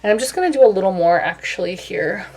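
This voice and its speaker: A young woman talks her way through a makeup tutorial in a loose, chatty manner. She pokes fun at herself now and then, and her pitch sits in an ordinary middle range. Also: animated, quick pace, darkish tone, breathy edge. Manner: casual and chatty, self-deprecating. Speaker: beauty vlogger.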